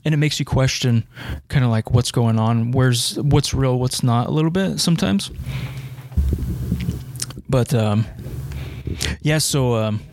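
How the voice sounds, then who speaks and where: A man's voice: mid-range voice, unhurried, long pauses, darkish tone, no room sound. An American man co-hosting a casual movie podcast, easygoing, with lots of ums and laughs. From United States. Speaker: podcast co-host.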